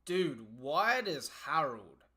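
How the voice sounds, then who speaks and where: A young man hosting a live manga reaction, excitable and slangy, often breaking off and restarting mid-sentence. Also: on the high side, takes it slowly.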